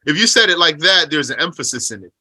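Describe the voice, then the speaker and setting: A man teaching a religious text. He reads Arabic passages quickly, then explains them slowly in English and asks rhetorical questions along the way. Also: fairly high pitch, animated, pushed and bright, slightly rough, dry recording. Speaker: teacher explaining a Qur'an commentary.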